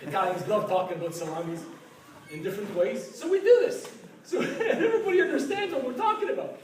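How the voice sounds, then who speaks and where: A middle-aged man from Ottawa, a professor, telling a lively anecdote with frequent laughs and asides of "right?". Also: very high voice, brisk, a little hiss or hum. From Ottawa, Canada. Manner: animated, laughs often, keeps asking "right?". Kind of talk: storytelling anecdote. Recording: echoey room, distant mic, crowd chatter.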